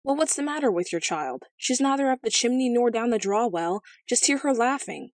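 A woman's voice: medium pitch, expressive, fairly quick, darkish tone, no room sound. A woman voicing a pompous, quarrelsome king in a storybook reading, in a slightly raised, self-important tone. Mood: impatient. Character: pompous, quarrelsome king, middle-aged man.

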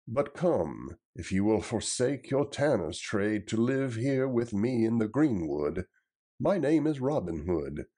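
Give me a proud outlaw leader, voiced by a man, formal and emphatic, with a mellow tone. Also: lowish voice, full character voice. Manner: formal, old-fashioned courtly speech, raised and emphatic.

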